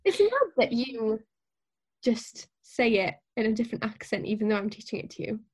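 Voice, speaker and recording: A woman talks through a casual language lesson in a slightly breathy, husky voice that sits a little high. She is patient and encouraging, slowing down to model each word clearly. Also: very animated. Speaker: Welsh language teacher.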